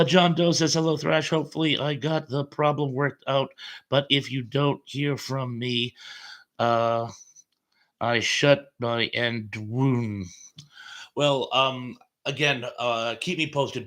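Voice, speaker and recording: A man's voice: medium pitch, bright, forceful tone. A man in his fifties hosting a casual live stream, reading viewer comments aloud in a chatty, rambling way. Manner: chatty and rambling, with frequent fillers and chuckles.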